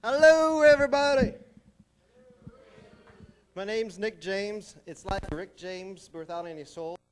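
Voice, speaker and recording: A young man from New Mexico doing a stand-up comedy set with a deadpan, wry delivery. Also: high-pitched, unhurried, smooth. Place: small college theatre stage.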